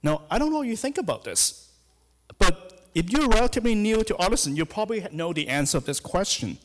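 This middle-aged man is a hospital chaplain preaching in a church sanctuary, and his high-pitched, expressive voice moves fairly quickly. He hesitates a lot, filling gaps and restarting, while long reverb fills the hall.

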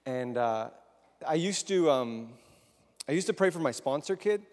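Animated yet unhurried, a man with a fairly high, slightly mellow voice preaches an easygoing sermon and poses questions to his listeners. The large congregation hall wraps everything in long, echoing reverb.

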